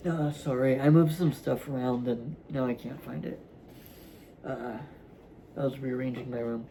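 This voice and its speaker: Man, vlog host, casual monologue at home, hesitant restarts, warm relaxed tone, yawning now and then. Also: medium pitch, a little hiss or hum, rough recording. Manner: halting and rambling, many fillers and restarts; yawning at times. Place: room at home.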